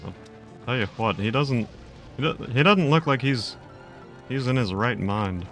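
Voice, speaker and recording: A man's voice: medium pitch, expressive, a little slow, a bit bright, faint music behind. A man doing a folksy drawling of a stern middle-aged dad, curt and disapproving.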